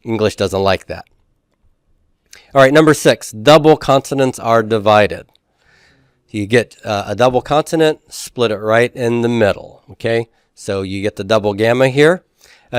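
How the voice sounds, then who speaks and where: Smooth-voiced man teaching Greek. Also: medium pitch, no echo, clean studio sound. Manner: explains step by step, often checks with "right?". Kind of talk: classroom lecture.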